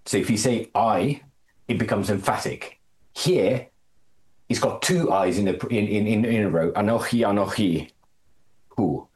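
A man leading a Bible study, explaining a passage in a halting way, often repeating words and lifting his voice on quotations. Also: expressive, a little mellow. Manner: halting, repeats words, stresses phrases with rising pitch. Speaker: Bible teacher.

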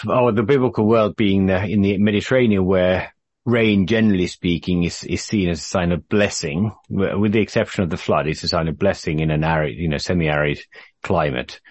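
Male Bible study leader, low husky voice, dry close sound, measured and patient. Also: no echo. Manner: measured, patient, with frequent fillers and restarts. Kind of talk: group Bible study discussion.

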